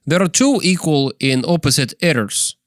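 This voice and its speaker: A man putting on a comic Russian accent, reading a passage haltingly. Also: on the high side, expressive, no room sound, studio quality, natural voice. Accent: put-on Russian. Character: heavy-accented Russian male reader.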